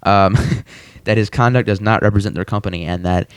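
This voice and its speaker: A man's voice: fairly low pitch, fairly even intonation, brisk, smooth, no room sound. A man co-hosting a podcast, chatting and retelling scenes, often laughing and acting out quoted lines in a raised voice. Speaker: podcast co-host. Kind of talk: casual chat recapping an episode.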